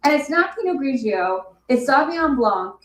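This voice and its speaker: A woman defends herself on a live commentary stream, exasperated and cursing. Her voice is slightly high and sits away from the mic. The room echoes. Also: animated, normal speed, distant mic. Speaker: co-host guest.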